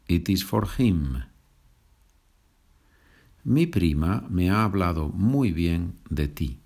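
A low-pitched man with a Spanish accent teaches a language lesson. He speaks slowly and patiently and sets each example sentence apart with care. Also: very animated, gravelly, darkish tone. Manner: slow and patient, switching between English and Spanish example sentences.

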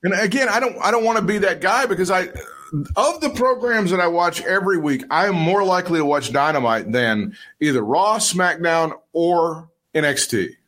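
Joking raspy-free man on a podcast. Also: high-pitched, moderate pace, fairly bright tone. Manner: crude, joking, laughs often. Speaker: podcast co-host. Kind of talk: casual chat.

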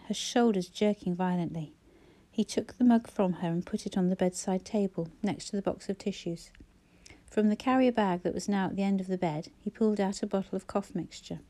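Mellow woman narrating a novel. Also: medium pitch. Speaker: audiobook narrator. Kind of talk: scripted narration.

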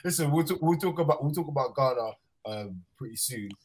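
A man hosting a casual football podcast, animated and quick to repeat himself, laughing often. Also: medium pitch, slightly rough. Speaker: podcast host.

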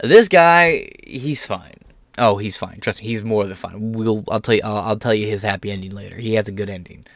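A man's voice: on the low side, normal speed, dry recording. A young man talking through a casual commentary vlog, sarcastic and mocking, swearing freely. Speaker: political commentator.

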